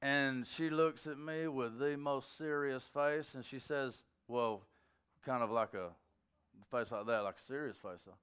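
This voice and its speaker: A middle-aged male pastor giving an informal sermon, telling stories in a conversational way with sudden bursts of excitement. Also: mid-range voice, unhurried, smooth.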